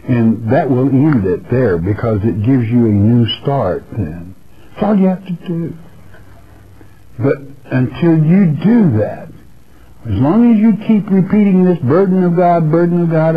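A man's voice: mid-range voice, lively intonation, unhurried, crowd noise. Man, radio preacher, earnest verse-by-verse teaching, dull lo-fi broadcast sound. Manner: earnest, repeats phrases, addresses listener as friend.

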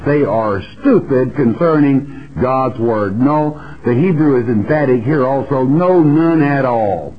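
Man, Bible teacher on air, folksy and blunt, emphatic, mid-pitched voice, dull lo-fi broadcast sound. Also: animated, unhurried, hardly any pauses, crowd noise.

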